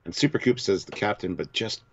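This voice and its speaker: A man's voice: lowish voice, animated, brisk, gravelly, highs cut off. A man co-hosting a casual chat, reading out votes in a matter-of-fact, dry way. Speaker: podcast co-host running the listener vote.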